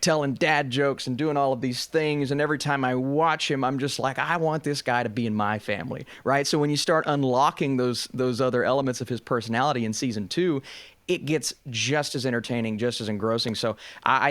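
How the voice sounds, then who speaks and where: A man's voice: mid-range voice, a bit bright, no echo. A man chatting enthusiastically as a guest on a movie podcast, laughing often. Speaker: guest youtuber. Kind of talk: casual podcast chat.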